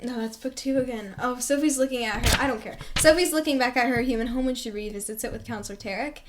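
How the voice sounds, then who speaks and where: A woman's voice: a little high, quick pace, background noise. A woman co-hosting a podcast in casual chat, often breaking into giggles as she tells a story. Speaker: podcast co-host.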